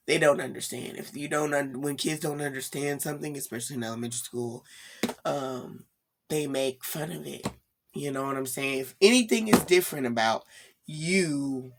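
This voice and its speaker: A young woman vlogging casually late at night, tired and rambling, laughing often and asking "you know what I'm saying?". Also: low voice. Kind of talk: casual spiritual vlog.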